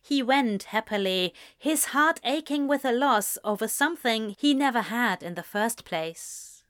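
A woman reading a story aloud in measured, gentle scripted narration. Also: on the high side, expressive. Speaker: audiobook reader.

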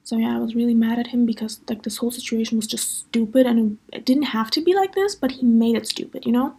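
A woman's voice: a little high, fast, warm tone, slightly rough. A young woman hosting a podcast, chatting casually through a personal story with lots of fillers. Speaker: podcast host.

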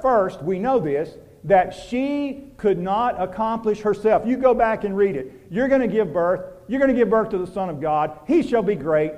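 A pastor preaching a sermon, moving from loud urgent passages to hushed, quiet ones and asking the congregation direct questions. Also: male voice. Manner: preaching with wide swings from loud urgency to hushed, low intimacy.

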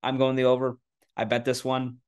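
Male podcast co-host, mid-pitched, loose and rambling, quick to laugh at himself. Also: completely flat delivery, a little mellow, smooth. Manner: rambling and self-deprecating, with frequent restarts. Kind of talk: casual sports chat.

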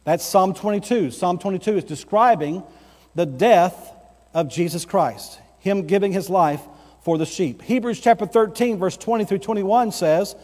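A man pastor delivering an emphatic sermon, slowing down to stress key phrases. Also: high voice, darkish tone, in a large hall.

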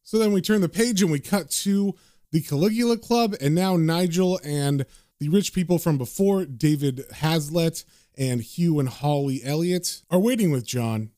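A man's voice: on the high side, mellow, no room sound, clean studio sound. A man casually recapping and reading a comic aloud, with loose filler words. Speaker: comic book reader and recapper.

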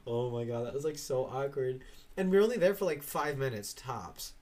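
A young adult man chats casually, rambling through stories with plenty of swearing. His voice is animated, fairly quick and a little mellow, and it jumps sharply up in pitch when he acts out quoted voices.

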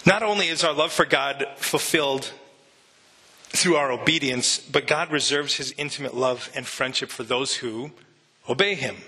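Speaking at a moderate pace, this man has a medium-pitched, bright, forceful and husky voice. He is a pastor in a church sanctuary, delivering an earnest, conversational sermon with frequent restarts, moved nearly to tears.

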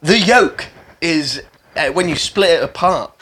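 A man's voice: fairly high pitch, expressive, unhurried, pushed and bright, a little hiss or hum. A young man co-hosting a podcast, joking in a mock-grand way. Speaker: podcast co-host. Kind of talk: casual chat.

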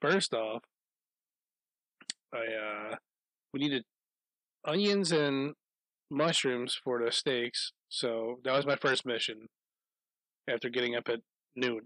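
A man's voice: mid-range voice, takes it slowly, pauses often, fairly bright tone, dry recording, rough recording. A man telling a rambling anecdote in casual chat, swearing often and laughing as he goes.

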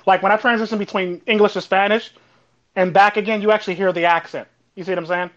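A man from Costa Rica chatting casually on a panel, fast and full of "actually" and "basically". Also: high-pitched, steady tone, fairly bright tone, lo-fi sound. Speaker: host.

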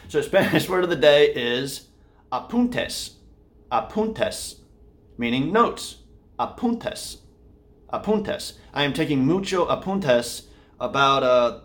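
A man talks casually through his daily video log, rambling along and restarting his sentences. His voice sits at an ordinary middle pitch. He records from his room at home. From Austin, Texas area. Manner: rambling, many fillers and restarts. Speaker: vlogger and podcast host. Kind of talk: casual daily vlog talk.

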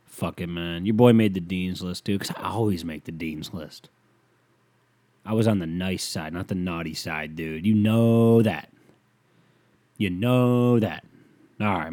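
A man's voice: sits low, moderate pace, darkish tone, no echo. A young man hosting a solo podcast, rambling through stories in a laid-back, profane way. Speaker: podcast host. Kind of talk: casual solo chat.

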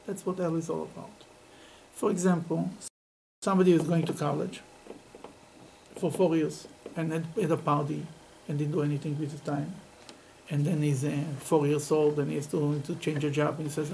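A man teaching a Talmud class to students, telling stories in an animated way and laughing often. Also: a little high, moderate pace, vocal fry, slight background noise, rough recording. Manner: animated, laughing, Yiddish-sprinkled storytelling.

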